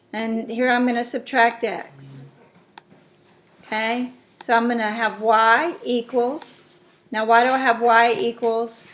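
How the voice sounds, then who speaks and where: A woman teaching a math class, walking through steps and checking in with her students. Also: a little high. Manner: explains step by step, checks in with students. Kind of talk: classroom lesson.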